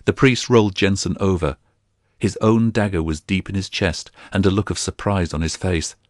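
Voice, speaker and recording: A man narrating a fantasy audiobook in a steady storytelling delivery. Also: low voice, moderate pace, no echo, clean studio sound.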